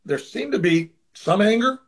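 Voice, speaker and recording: With a high, expressive voice at a moderate pace, this interview guest, a former baseball manager, sincerely recounts something from his own life. Now and then he slips into the voices of the people in the story during the casual chat.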